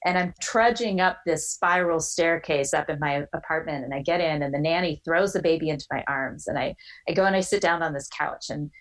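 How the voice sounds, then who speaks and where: A low-pitched woman in her forties, captured in a low-quality recording, appears as a podcast guest recounting something from her own life. Lively in delivery, she readily mimics the voices of others.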